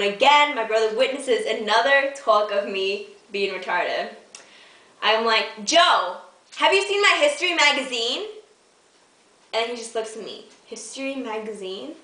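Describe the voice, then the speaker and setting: A teenage girl chats to her camera at home, hyper and giggly, poking fun at herself. Her voice is fairly high and bright with a sharp edge. She sits back from the camera mic in an echoey room. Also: normal speed, far from the mic. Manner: hyper, giggly, self-mocking. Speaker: vlogger. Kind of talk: casual storytelling to camera.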